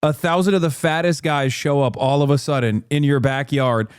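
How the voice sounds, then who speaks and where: A man's voice: on the high side, steady tone, normal speed, clean tone, no echo, studio quality. A man hosting a stream, reacting to news with sarcastic, profane, casual political commentary. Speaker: streamer host.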